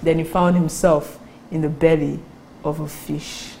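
Animated woman preacher. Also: a little slow, a little hiss or hum, rough recording. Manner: animated storytelling, acts out quotes with rising pitch. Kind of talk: sermon.

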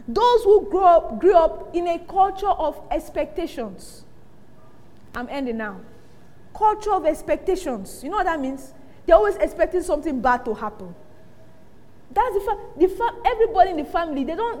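A high-voiced woman preaches in a hall with a long, ringing reverb. She tells stories in lively bursts and acts out the voices of the people she quotes. Her delivery swings between hushed asides and loud punchlines. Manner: animated storytelling, acting out quoted voices, frequent laughter. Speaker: pastor. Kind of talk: sermon.

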